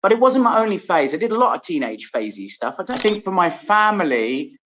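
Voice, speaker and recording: An English man hosting a casual chat, telling stories in a lively way and laughing often. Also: high-pitched, a little fast, a little hiss or hum. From England. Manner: lively storytelling with frequent laughs. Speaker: host. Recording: dull lo-fi sound.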